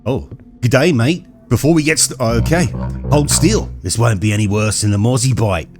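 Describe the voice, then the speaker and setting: A man voicing a gruff male prison officer in a put-on Australian accent, drawling through official paperwork. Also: medium pitch, moderate pace, music in the background, lightly acted. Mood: brusque official.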